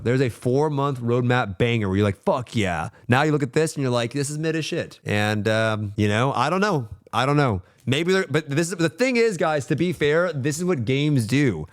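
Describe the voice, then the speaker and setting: Profane excitable young male streamer. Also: medium pitch, normal speed, no room sound, studio quality. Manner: profane, excitable, swings between grumbling and hype. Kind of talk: casual livestream rant.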